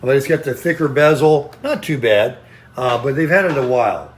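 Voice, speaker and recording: A man's voice: medium pitch, normal speed, a little hiss or hum. A man talking in a casual, rambling, folksy vlog style. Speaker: vlogger.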